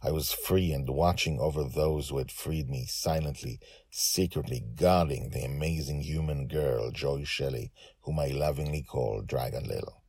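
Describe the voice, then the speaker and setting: A man voicing a loving male red dragon who watches over a girl, telling the story in a hushed, gentle way. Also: a bass voice, normal speed, gravelly, hardly any pauses, husky, dry recording, full character voice. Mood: tender. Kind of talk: first-person storybook narration.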